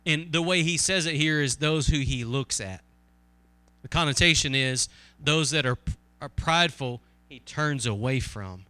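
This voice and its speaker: Earnest high-voiced preacher. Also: male voice, pushed and bright, clear, resonant tone, dry recording. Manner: earnest, conversational preaching with rhetorical questions; reads scripture slowly and emphatically. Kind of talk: sermon.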